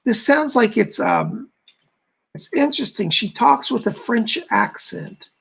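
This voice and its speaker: Male psychic medium hosting a live stream, informal delivery, gravelly and husky, lively pitch. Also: unhurried. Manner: reads viewer comments aloud and relays spirit messages; informal, repeats "I gotta tell you".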